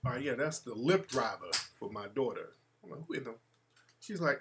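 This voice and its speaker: A man's voice: medium pitch, big pitch swings, fairly quick, fairly bright tone, slight background noise. A man hosting his own show, talking straight to his audience in an emphatic, profane commentary monologue. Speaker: show host. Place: home room with a fan.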